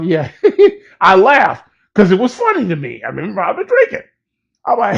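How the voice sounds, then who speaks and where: A man's voice: high-pitched, huge pitch swings, moderate pace, creaky, a bit bright, slightly rough. A man casually telling a personal story in a profane, laid-back way and laughing at it. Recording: dull lo-fi recording.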